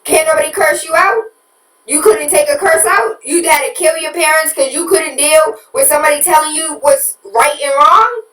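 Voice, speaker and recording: A woman's voice: sits high, moderate pace, fairly bright tone, echoey room, recorded from a distance, low-quality recording. A woman hosting a talk radio show, preaching at listeners with rhetorical questions and candid confessions about her own parenting.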